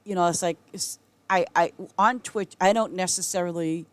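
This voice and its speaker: A woman's voice: lowish voice, moderate pace, no room sound. Giggly rambling middle-aged woman streamer. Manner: rambling and giggly, often trailing off with laughs. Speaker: game streamer. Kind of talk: casual chat with viewers while gaming.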